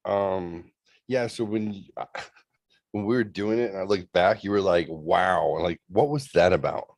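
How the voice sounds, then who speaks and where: A co-host in casual chat, teasing with deadpan jokes. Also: sits low, measured pace, dry recording.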